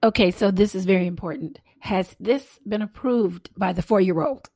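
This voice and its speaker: A woman's voice: medium pitch, moderate pace, dark tone, no room sound. Chatty woman interviewer, dry sound. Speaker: interviewer, host. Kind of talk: casual interview talk.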